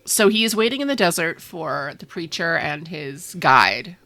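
A woman chatting casually about a book, retelling scenes and acting out characters in quick voices. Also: fairly low pitch. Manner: animated, acts out characters in quick voices, laughs often. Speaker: podcast co-host discussing a book. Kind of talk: casual chat.

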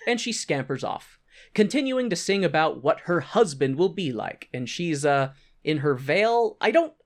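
A man's voice: on the high side, normal speed. A man co-hosting a podcast, casually recapping a stage show with jokes and frequent laughter. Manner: animated, laughing, jokey. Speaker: podcast co-host.

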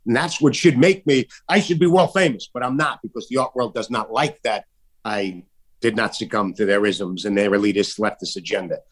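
A man, an artist guest talking in a casual, emphatic way, swearing often and jumping his voice high when he mimics others. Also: brisk. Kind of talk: casual political chat.

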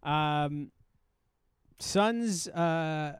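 A man on a casual sports podcast, reading off game stats with dry, wry asides. His voice sits a little high and comes across smooth and clean on a close mic. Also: drawn-out words, no room sound. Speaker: podcast co-host.

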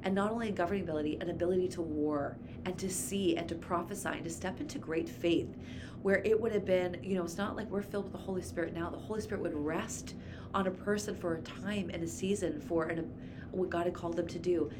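A woman's voice: on the low side, fairly even intonation, fast, noisy background. A woman, co-host of a Bible study podcast, talking enthusiastically about a favorite biblical heroine. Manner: enthusiastic, gushing.

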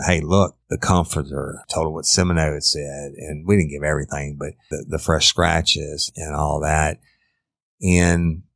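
Very deep, gravelly man. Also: dry recording, studio quality. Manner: blunt and profane. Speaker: former detective. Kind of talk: casual true-crime storytelling.

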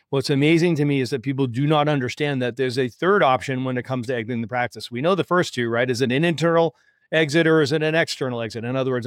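A man of middle pitch tells a client story on his podcast in an easy, conversational way. He slips into the voices of the people he quotes and keeps checking in with his listeners. The close, dry recording leaves almost no room sound. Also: dry recording. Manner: animated, acts out quoted dialogue, many fillers like "right?" and "you follow me?". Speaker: podcast host and practice exit consultant. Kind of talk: casual storytelling monologue.

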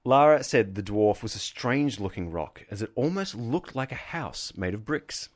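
A man hosting a comedic podcast, reading a folklore story aloud in an even tone and breaking off to joke. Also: mid-range voice, normal speed. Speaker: podcast host.

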